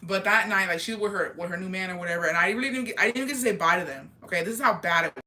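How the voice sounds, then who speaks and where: A young woman telling a gossip story on her vlog, animated and full of profanity. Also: lowish voice, rapid-fire. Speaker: vlogger.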